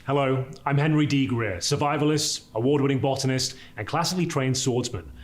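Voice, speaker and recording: A man's voice: medium pitch, brisk, close to an everyday voice. An actor playing a pompous man who brags of his Scottish roots and talks down to others in a lofty, insulting manner.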